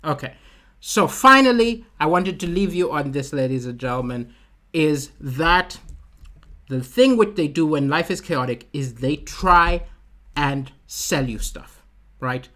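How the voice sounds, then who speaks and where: A man from Malawi doing stand-up comedy on a livestream, telling animated stories and using vocal sound effects while he talks to his chat. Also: fairly high pitch, measured pace.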